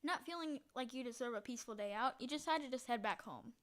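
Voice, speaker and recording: High-voiced woman reading a text game. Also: fast. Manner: reads narration quietly, bursts into loud excited reactions. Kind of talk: casual let's-play narration.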